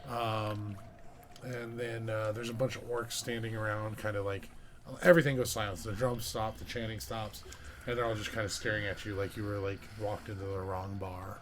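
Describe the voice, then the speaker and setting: A man's voice: on the low side, flat delivery, background noise. A man narrating a tabletop game as game master, with frequent ums and restarts as he describes the scene. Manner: halting, full of ums and restarts. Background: music.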